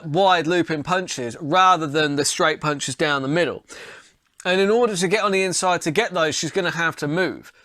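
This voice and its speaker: A man's voice: fairly high pitch, bright, forceful tone, no room sound, studio quality. A man giving a casual, rambling fight breakdown and betting pick, swearing now and then. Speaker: fight analyst and tipster.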